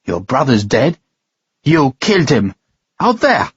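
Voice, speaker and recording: A man's voice: medium pitch, huge pitch swings, measured pace, slightly rough, lo-fi sound, heavily acted. A male audiobook narrator voicing a tall, defiant Frenchwoman who speaks with scorn and accusation. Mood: scornful.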